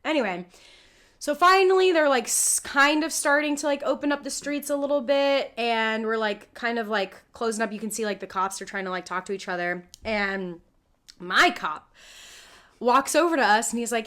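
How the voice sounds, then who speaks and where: A woman's voice: a little high, moderate pace, fairly bright tone. A woman from California, co-hosting a podcast and telling a story in casual chat with casual swearing. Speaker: podcast co-host.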